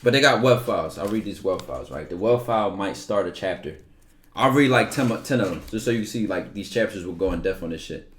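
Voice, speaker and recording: A man's voice: sits low, lively intonation, fast talker, slight background noise. Rambling, profane young man streaming. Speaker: livestreamer. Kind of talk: casual livestream talk; reading aloud from a book.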